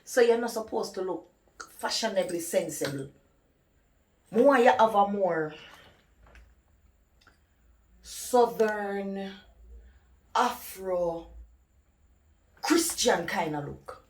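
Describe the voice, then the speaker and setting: A woman's voice: medium pitch, takes it slowly, long pauses, close to an everyday voice. A woman with a Jamaican accent playing a bossy woman who coaches her friend, firm and instructive, in a comedy web drama.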